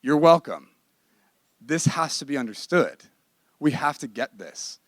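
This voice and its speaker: A man's voice: on the high side, sing-song, unhurried, no room sound, clean studio sound. A man teaching a ministry class in a candid, emphatic, conversational sermon style. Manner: emphatic and candid, with bursts of laughter.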